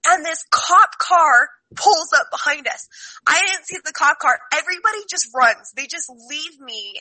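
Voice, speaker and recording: A woman telling a story in casual chat, giggling and acting out what people said with loud outbursts. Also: high-pitched, moderate pace, low-quality recording. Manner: giggly, acts out quotes loudly. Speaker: guest storyteller.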